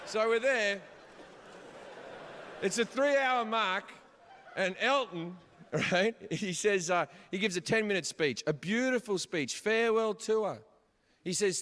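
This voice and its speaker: A man doing stand-up storytelling, swearing freely and shouting his punchlines, recorded live on a theater stage. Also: high-pitched, moderate pace, slight background noise. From Australia. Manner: profane, animated, shouts punchlines. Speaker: stand-up comedian. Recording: live hall reverb, audience ambience.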